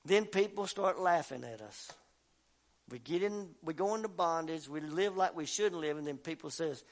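A man preaching a fervent sermon, swinging between quiet talk and shouting. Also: on the high side, moderate pace. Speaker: pastor.

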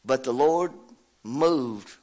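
A middle-aged man, preaching and telling a homey story in a folksy, animated way, his voice congested from a cold. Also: medium pitch, drawn-out words. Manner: folksy, animated, laughs at himself. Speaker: pastor. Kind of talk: sermon with personal story.

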